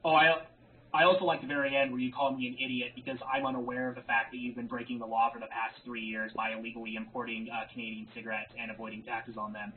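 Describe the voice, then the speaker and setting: A man's voice: medium pitch, flat delivery, fast. Taunting man on a thin, hissy line. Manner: sarcastic, taunting. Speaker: rival video maker. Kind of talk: mocking response video. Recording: tinny phone-like sound with faint noise.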